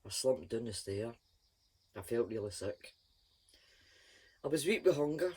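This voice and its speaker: A woman reading a children's story aloud in a lively, expressive first-person voice. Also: rumbling low, unhurried, pauses often, slightly rough.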